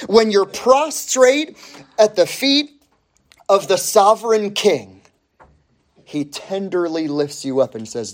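A man preaching a sermon, emphatic, stretching key phrases out slowly and rising sharply on the points he stresses. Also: sits high, animated. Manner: emphatic, with slow drawn-out phrases and sudden rises.

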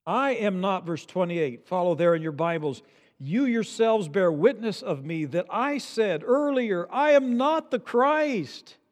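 An older man preaching a sermon as pastor, swinging from soft low asides to loud emphatic peaks. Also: big-room sound. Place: church sanctuary.

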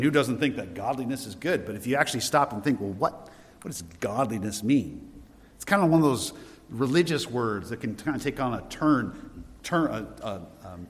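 A man's voice: mid-range voice, fairly bright tone, long reverb tail. A man preaching a sermon as a pastor, conversational and given to rhetorical questions.

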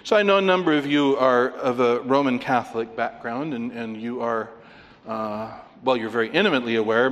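Emphatic preacher in a reverberant hall. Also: male voice. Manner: animated, emphatic, with pitch leaps for stress. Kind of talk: sermon.

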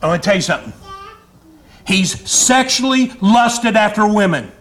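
Pastor guy preaching in church, high voice, fired up and chatty. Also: animated, normal speed, fairly bright tone. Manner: fiery, conversational preaching with asides and laughs. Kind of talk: sermon. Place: church sanctuary.

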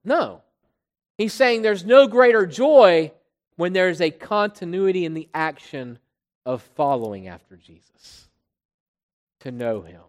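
A preacher giving an expository sermon, pressing hard on key words and then dropping low and quiet, often repeating phrases while building a point. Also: animated, a little slow, long pauses. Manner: emphatic, swinging between loud stresses and quiet drops. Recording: long hall reverb.

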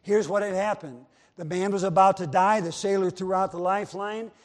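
A male preacher delivers an emphatic sermon and hammers his points home with repetition. His voice sits high and carries a long reverb, as in a church sanctuary. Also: steady tone, brisk. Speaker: Baptist preacher. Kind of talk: sermon with storytelling. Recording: long reverb of a large hall.

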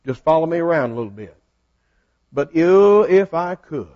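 A man's voice: fairly high pitch, lively intonation, moderate pace, darkish tone. A man leading a Bible study class in a folksy way, asking the group questions. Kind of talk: interactive Bible study teaching. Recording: dull lo-fi sound.

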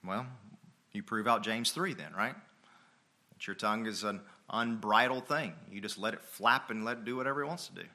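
A man's voice: fairly low pitch, normal speed, bright, forceful tone. A man preaching a sermon as pastor, folksy and emphatic, firing rhetorical questions at the congregation.

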